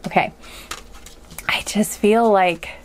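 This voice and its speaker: A woman's voice: mid-range voice, slow pace, a little hiss or hum. A woman giving a casual pick-a-card tarot reading, rambling and hesitant, with many fillers and frequent laughs. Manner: rambling and hesitant, full of likes and ums, laughs often.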